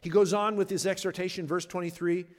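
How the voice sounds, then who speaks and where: A man's voice: sits high, fairly even intonation, fairly quick. A man pastor preaching a sermon in an earnest, conversational way, leaning on words for emphasis. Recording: long reverb of a large hall.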